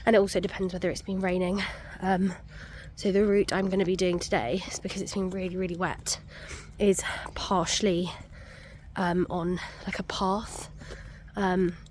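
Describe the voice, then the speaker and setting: A woman's voice: on the low side, little pitch movement, moderate pace, a little mellow, a little hiss or hum. A young woman, out of breath, chatting casually to camera on a muddy country walk with many ums. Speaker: vlogger. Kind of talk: casual walking vlog.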